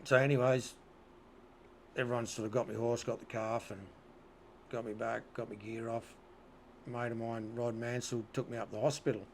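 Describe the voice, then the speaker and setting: A man's voice: medium pitch, flat delivery, moderate pace, creaky, long pauses, a little hiss or hum. A man with an Australian accent telling rodeo stories as an interview guest, laid-back, swearing freely and often asking "you know what I mean". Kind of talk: casual storytelling.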